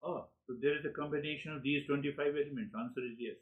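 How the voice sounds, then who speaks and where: A man giving a spiritual lecture, animated, who acts out inner dialogues and often repeats words as he searches for the next one. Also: fairly high pitch, fast, narrow, tinny audio. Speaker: spiritual teacher.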